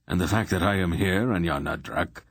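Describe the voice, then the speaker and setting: A man narrating an audiobook with a steady, even reading. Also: low voice, normal speed, creaky, slightly rough, no room sound, clean studio sound. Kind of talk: scripted narration.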